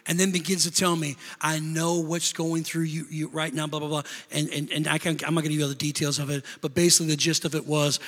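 A middle-aged man preaches in a large church hall, and his bright, ringing voice carries a long reverb. He tells stories, rising to loud bursts, then dropping to a hushed, confessional tone. His pitch sits a little high for a man. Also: steady tone, fairly quick. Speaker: pastor. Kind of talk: sermon.

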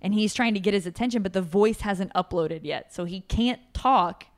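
A woman's voice: medium pitch, moderate pace. A woman hosting a podcast, chatting casually and animatedly with lots of filler words. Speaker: podcast host. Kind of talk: casual chat.

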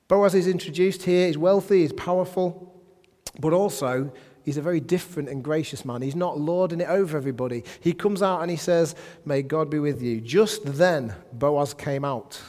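Male preacher, fairly high voice, animated sermon delivery, long hall reverb. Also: normal speed. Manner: animated, shifting between soft asides and loud emphatic bursts. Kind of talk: sermon with scripture reading. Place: church hall.

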